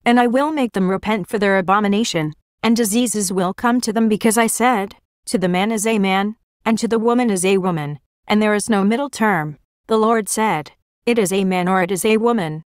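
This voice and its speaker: A woman's voice: mid-range voice, moderate pace, clear, resonant tone, dry recording, studio quality. Woman solemnly narrating a prophetic vision.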